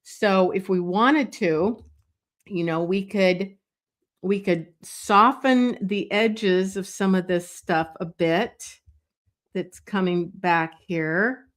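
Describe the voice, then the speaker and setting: A woman giving a live drawing lesson, thinking aloud as she works, relaxed and chatty with light laughs, often pausing and correcting herself. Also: medium pitch. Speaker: drawing teacher.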